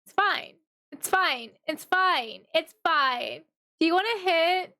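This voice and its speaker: A woman live-streaming a game, chatting to her viewers in an animated, exasperated way and muttering to herself as she changes settings. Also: very high-pitched, slow pace, gravelly. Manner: animated and exasperated, talking to chat, swinging from grumbling to shrieking. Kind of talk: live-stream chat while gaming.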